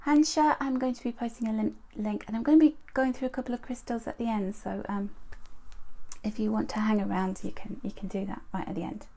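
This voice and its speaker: A middle-aged woman giving a chatty live angel card reading, greeting viewers by name with animated asides. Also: on the high side, brisk.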